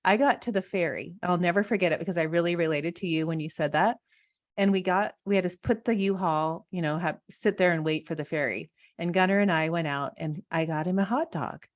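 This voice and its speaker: Woman interview host, 30s, lowish voice, casual chatty talk full of restarts. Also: a little fast, highs cut off. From Washington state. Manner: chatty and personal, many fillers and restarts.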